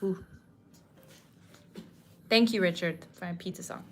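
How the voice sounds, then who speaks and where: A woman's voice: fairly low pitch, fairly even intonation, a little slow, faint music behind. A woman co-hosting a casual livestream chat, playful and giggly, trying out silly accents as she talks. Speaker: livestream co-host.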